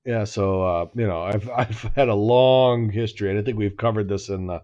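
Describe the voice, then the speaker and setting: A man's voice: fairly low pitch, normal speed, darkish tone. Man in his forties, rambling casual storyteller, dull lo-fi sound. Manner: rambling, self-interrupting, laughs at own story. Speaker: podcast co-host.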